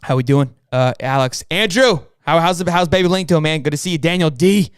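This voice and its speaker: A man's voice: on the high side, clear, resonant tone, dry recording, studio quality. Hyped young man with twang. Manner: hyped, rapid, slangy. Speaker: podcast co-host. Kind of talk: live-stream sports podcast banter.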